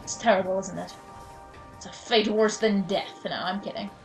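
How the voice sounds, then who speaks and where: A woman's voice: medium pitch, steady tone, normal speed, vocal fry, poor audio. A woman giving casual gameplay commentary, chatty and self-mocking, with sudden mock-angry outbursts at enemies. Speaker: let's play commentator. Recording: game music behind.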